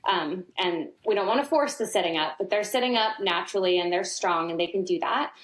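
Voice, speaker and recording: A middle-aged woman talks as an interview guest about potty training. She tells her stories with energy and jumps into high playful voices when she quotes her toddler. Her voice carries a noticeable roomy echo. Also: a little fast. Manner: animated storyteller, acts out her toddler in a high voice. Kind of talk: casual interview talk.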